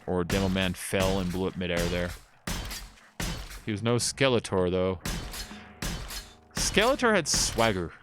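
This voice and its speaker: A man streaming a game from home, rambling with lots of "like" and swearing, and fussing at his dogs between game talk. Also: medium pitch. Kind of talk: casual gaming stream chat.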